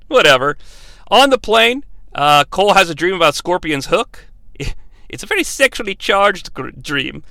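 A man recaps a film for a comedy review show, tossing in sarcastic, profane jabs as he rambles on. His voice is high and bright, and the recording is dry and close. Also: very animated, moderate pace, vocal fry, no echo. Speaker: movie reviewer host.

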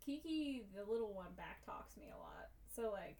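A woman's voice: mid-range voice, wildly swooping pitch, moderate pace, darkish tone, recorded from a distance. A woman co-hosting a podcast, telling stories in a casual chat, laughing often and swearing freely. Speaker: podcast co-host.

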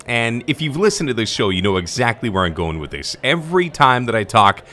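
A man's voice: medium pitch, big pitch swings, fairly quick, pushed and bright. A man hosting a podcast, looking back on favourite interviews in an enthusiastic, conversational way. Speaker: podcast host. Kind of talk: reflective show narration.

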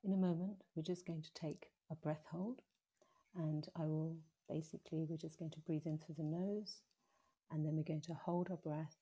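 A woman guiding a slow, soothing meditation, later speaking as a guest in an interview. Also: low-pitched, steady tone, mellow, slightly rough. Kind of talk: guided meditation then interview.

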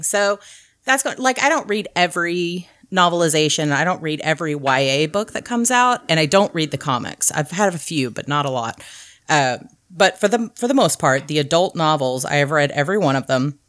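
A woman co-hosting a podcast in casual chat, talking in quick self-correcting bursts with asides. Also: fairly low pitch, a bit bright, dry recording, studio quality. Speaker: podcast co-host.

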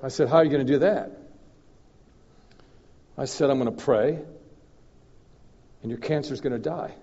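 A man preaching as a guest minister, telling a story in an animated way that swings from loud and emphatic to low and confiding. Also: moderate pace. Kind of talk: storytelling sermon. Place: church hall. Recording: dull recording in a reverberant hall.

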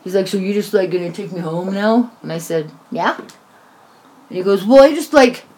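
A woman's voice: on the low side, normal speed. A woman in her forties telling a story in casual chat, swearing often and acting out what people said. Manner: animated, swears often, acts out quoted voices.

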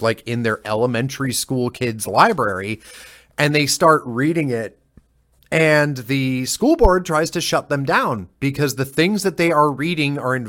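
A man co-hosting a casual political chat podcast, retelling his arguments with heated, animated energy. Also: mid-range voice. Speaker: podcast co-host.

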